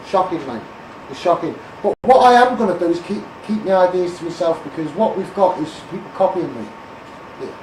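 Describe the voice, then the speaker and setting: Blunt ranting Scouse man in an echoey room. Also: high voice. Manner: blunt, rambling, repeats himself, calls listeners mate. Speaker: campaigning live-streamer. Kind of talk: ranting live stream to followers. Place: home room. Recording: echoey, a bit far from the phone, faint room noise.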